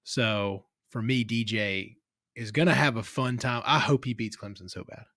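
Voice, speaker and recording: A man's voice: mid-range voice, normal speed, a bit bright, no echo, studio quality. A man co-hosting a casual sports podcast, enthusiastic and a little rambling as he makes his case. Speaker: podcast co-host.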